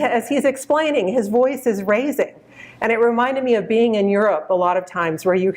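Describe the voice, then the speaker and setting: A woman in her fifties giving a conference keynote, measured and storytelling, addressing the audience directly. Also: mid-range voice, a little mellow. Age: 50s. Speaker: keynote speaker.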